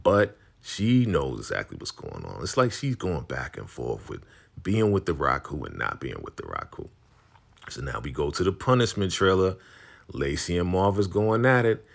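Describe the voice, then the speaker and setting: A man recapping a TV episode in a casual, animated way. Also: deep voice, normal speed, creaky. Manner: animated, playacting characters. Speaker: show recapper.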